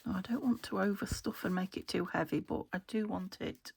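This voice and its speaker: A British woman crafting at her table at home, thinking aloud and often dropping to a soft half-whisper as she narrates casually. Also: medium pitch, brisk, gravelly, husky. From United Kingdom. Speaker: craft vlogger. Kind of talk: casual flip-through narration while crafting.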